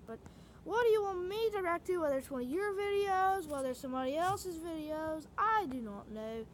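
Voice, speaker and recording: A woman streamer chatting to her viewers, her voice high and bouncing all over the place. She sounds chatty and a little apologetic, with a giggly edge. There is a steady hiss of noise under her home stream mic. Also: normal speed. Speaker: reaction streamer. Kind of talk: casual live-stream chatter.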